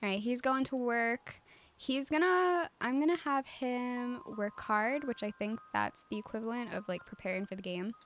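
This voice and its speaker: A woman streaming a life-sim game, chatting casually with viewers in a calm, cozy way, giggling often and using lots of fillers. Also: a little high, normal speed, slight background noise. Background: faint game music.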